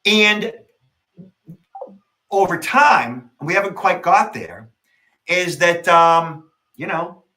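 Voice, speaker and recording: High, bright-voiced man telling a story. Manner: animated storytelling, quick and emphatic. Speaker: podcast co-host, security expert. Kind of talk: casual podcast conversation.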